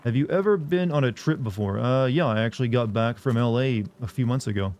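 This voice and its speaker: A young male streamer with a mellow, dark voice chats with his viewers while he plays. He rambles loosely and jokes around. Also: medium pitch, fairly quick. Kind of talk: casual live-stream chatter.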